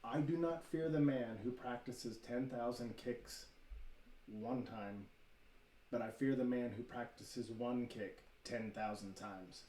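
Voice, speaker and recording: A man putting on a calm, philosophical male martial arts master, quoting him slowly and deliberately. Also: medium pitch, natural voice. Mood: measured. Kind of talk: casual impression in podcast chat. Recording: roomy room, faint noise.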